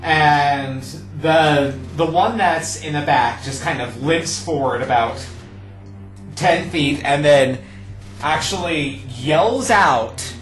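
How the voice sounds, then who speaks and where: A game master narrating a tabletop game in an unhurried, descriptive way. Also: medium pitch, echoey room. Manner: unhurried, descriptive, with fillers like "kind of".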